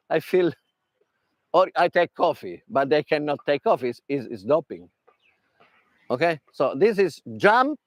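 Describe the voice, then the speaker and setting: An Italian man speaking non-native English with an Italian accent, giving an animated workshop talk as a tennis mental coach, in broken English with demonstrations. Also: sits high, dry recording.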